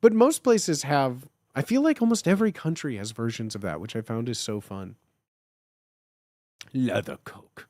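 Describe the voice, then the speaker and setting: Jokey animated young male streamer. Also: medium pitch, brisk, few pauses, dry recording, clean studio sound. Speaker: streamer reading chat. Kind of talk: casual live-stream chat.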